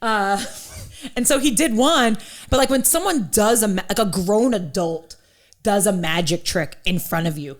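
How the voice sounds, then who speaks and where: A woman in her thirties, a comedian guest, telling stories in a quick, self-mocking way. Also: medium pitch. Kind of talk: casual chat.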